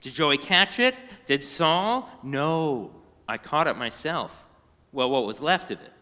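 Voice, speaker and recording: Animated man reading a children's story. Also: fairly high pitch, slow, long reverb tail. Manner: animated, sings short prayer phrases. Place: synagogue sanctuary.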